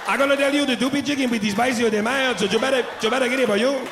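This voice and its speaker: A man voicing a flustered male fast-food cashier in a thick mock-Spanish accent, speaking slowly and stumbling over repeated words. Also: very high voice, fairly even intonation, roomy sound, voice pushed up. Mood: insistent. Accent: mock Mexican Spanish accent, put on. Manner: slow, halting, mangled words and repeated starts. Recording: live club recording with loud crowd and noise.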